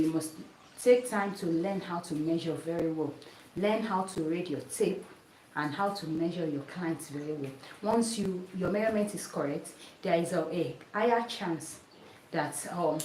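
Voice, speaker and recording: A sewing instructor gives a hands-on lesson on a mannequin, her fairly low, darkish voice heard from afar in a reverberant room with slight background noise. She stays patient, goes over every step more than once, and keeps checking whether you saw it.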